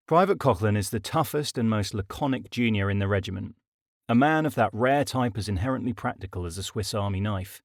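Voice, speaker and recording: A man narrating his own comic audiobook in a wry, deadpan style. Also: lowish voice, fairly quick, no room sound, studio quality. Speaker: author and narrator. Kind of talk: scripted comedic audiobook narration.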